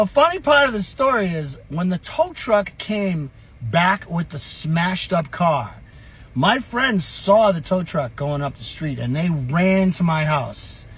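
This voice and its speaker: A middle-aged man spins a tale from his past with lively, profane energy. His voice sits a little high for a man and carries a husky rasp. He talks in a casual, unscripted vlog style. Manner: animated, profane, chuckling storyteller. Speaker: storyteller.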